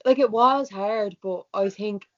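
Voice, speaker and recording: A woman's voice: mid-range voice, a little slow. A young Irish woman telling a personal story in a casual interview, talking with lots of "like" and acting out what people said to her. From Ireland. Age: young adult. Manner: chatty, peppered with "like", acts out quoted dialogue. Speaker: student guest. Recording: dull lo-fi sound.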